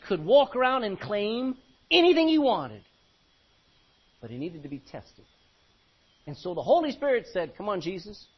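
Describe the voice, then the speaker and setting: Animated husky preacher man. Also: sits high, muffled recording. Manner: animated preaching, swinging from quiet to loud. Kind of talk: sermon.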